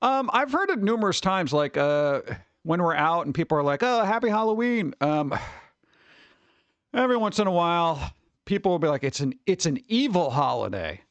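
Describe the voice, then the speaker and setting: A man's voice: fairly high pitch, big pitch swings, normal speed, fairly bright tone, no echo, highs cut off. A man streaming live, chatting casually and rambling as he reads comments from chat aloud.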